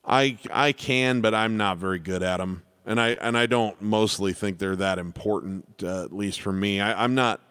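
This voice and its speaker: A man's voice: fairly low pitch, normal speed, few pauses, fairly bright tone, clear, resonant tone, dry recording. A man running a casual live piano Q&A lesson, rambling and self-deprecating, with many restarts. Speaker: piano teacher.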